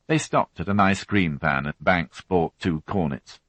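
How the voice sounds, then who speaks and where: Deep-voiced male audiobook narrator. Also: no room sound. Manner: even, unhurried reading with voiced characters. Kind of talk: scripted narration.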